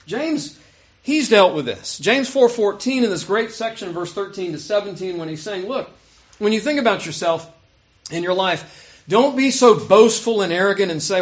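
A man's voice: high voice, lively intonation, normal speed, muffled recording. A man preaching a sermon in an earnest way, rising to emphatic peaks when he reads scripture. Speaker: pastor.

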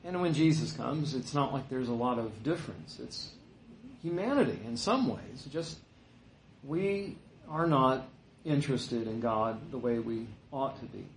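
A man's voice: mid-range voice, animated, a little slow, slight background noise. Preacher man in an echoey room. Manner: conversational, retells scripture with mocking quoted voices. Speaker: pastor. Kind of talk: sermon.

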